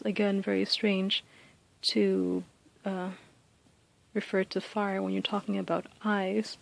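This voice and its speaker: A woman giving a casual spoken lesson, thinking aloud with many ums and uhs and reading poem lines slowly and deliberately. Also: mid-range voice, flat delivery, vocal fry, low-quality recording. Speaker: teacher explaining close reading.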